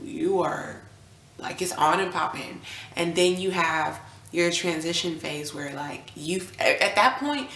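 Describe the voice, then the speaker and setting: A young woman vlogging casually, telling a personal story and acting out what people said, sometimes dropping almost to a whisper. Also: lowish voice. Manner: animated, reenacts quotes, drops to near whisper at times. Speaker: vlogger, new mother. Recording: echoey room with faint ambience.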